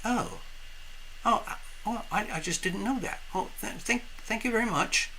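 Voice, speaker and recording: Little fish, timid and curious, stammering, high and bright, a man putting it on. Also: moderate pace, slight background noise. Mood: meek. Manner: stammering, hesitant.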